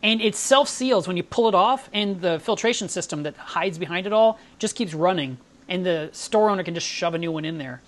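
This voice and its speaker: A woman's voice: on the low side, animated, a little fast. Chatty woman hosting a live stream. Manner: enthusiastic, chatty storytelling. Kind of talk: casual live stream chat.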